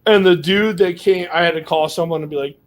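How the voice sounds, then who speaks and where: Rambling guy, slightly high voice. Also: a little fast. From United States. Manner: rambling, profane, full of fillers. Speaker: podcast co-host. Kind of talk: casual storytelling chat.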